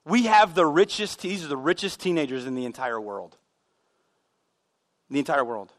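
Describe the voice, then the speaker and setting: A man preaching a sermon as pastor, telling animated stories with self-deprecating humor. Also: on the high side, normal speed. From United States. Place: church sanctuary.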